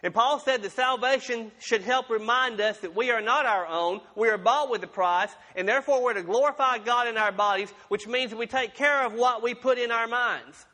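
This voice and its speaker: A man's voice: extremely high pitch, normal speed, hardly any pauses, bright, forceful tone. A man pastor preaching a sermon in a folksy, conversational way with humorous asides, in a church sanctuary. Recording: long reverb of a large room.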